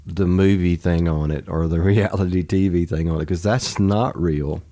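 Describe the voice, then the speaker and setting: A pastor in his forties chats about family in a low, gravelly voice. His tone is mellow and unhurried, earnest and reflective, and he laughs easily. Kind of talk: casual conversation.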